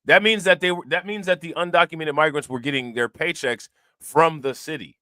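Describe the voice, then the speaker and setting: A man's voice: fairly high pitch, fairly even intonation, brisk, pushed and bright, clean tone, no echo, clean studio sound. A man hosting a reaction channel, talking casually and firing rhetorical questions at his viewers. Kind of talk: casual commentary.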